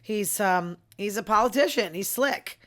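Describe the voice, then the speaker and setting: A woman's voice: mid-range voice, lively intonation, unhurried, a bit bright. A woman hosting her own podcast, talking alone in a chatty, opinionated way and dropping into murmured asides. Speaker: podcast host. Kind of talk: casual solo podcast chat.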